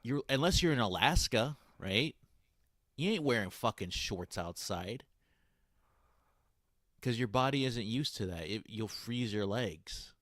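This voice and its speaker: A man's voice: mid-range voice, lively intonation, measured pace, long pauses, a bit bright, dry recording, clean studio sound. A young man co-hosting a stream, talking bluntly and with emphasis. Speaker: stream co-host. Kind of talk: casual stream chat.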